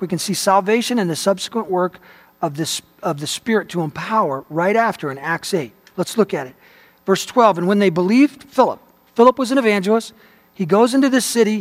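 A man with a high voice delivers a sermon, reading quotations with emphatic stress. His voice rings with the long reverb of a large hall. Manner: preacherly, reads quotations aloud with emphasis. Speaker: pastor. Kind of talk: sermon teaching.

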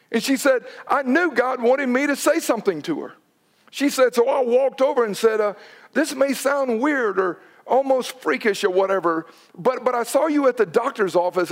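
A man in his forties preaches a sermon with a notably high voice. He tells stories and acts out the people in them, pressing his points with urgency. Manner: storytelling with acted quotes, urgent emphasis. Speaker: pastor.

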